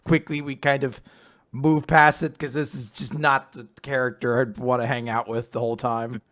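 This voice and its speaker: A man's voice: mid-range voice, little pitch movement, moderate pace, a bit bright. A man co-hosting a casual manga recap podcast, making sardonic and profane jokes. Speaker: podcast co-host.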